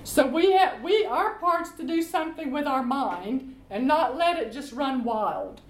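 A woman leading a Bible study, reading scripture aloud and explaining it in a slow, deliberate way. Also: high voice, expressive, a little hiss or hum. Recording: echoey room.

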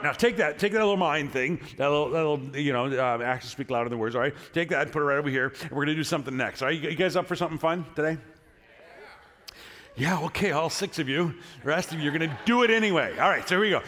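A middle-aged male pastor preaching a sermon in a church, telling a story in a casual way before rousing the congregation with energy. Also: fairly high pitch. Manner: casual storytelling, then energetic crowd prompting. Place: church sanctuary. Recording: long hall reverb from a church.

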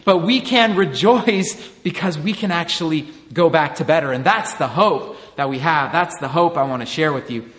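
A man's voice: on the high side, normal speed, hardly any pauses, a bit bright, long reverb tail. A man in his thirties, a pastor giving an earnest, conversational sermon full of rhetorical questions.

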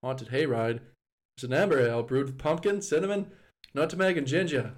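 A man's voice: medium pitch, normal speed, close to an everyday voice. A man reading a beer label aloud in a put-on Australian accent, playfully drifting in and out of it.

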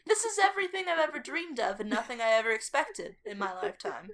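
A woman co-hosting a podcast, telling a story in casual chat, animated and laughing often. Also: high voice, fast talker, vocal fry. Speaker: podcast co-host.

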